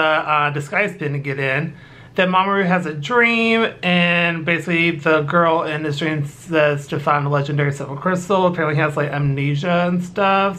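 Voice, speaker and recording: Casual anime episode review, bright voice, halting with fillers, homemade setup. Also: medium pitch. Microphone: battery-powered recording device.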